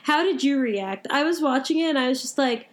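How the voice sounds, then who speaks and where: A young woman with a high voice talks anime as a co-host, gushing freely. She strings her thoughts together with "like" in a loose, casual chat. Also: expressive, fairly quick. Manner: gushing, heavy use of "like". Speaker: podcast co-host.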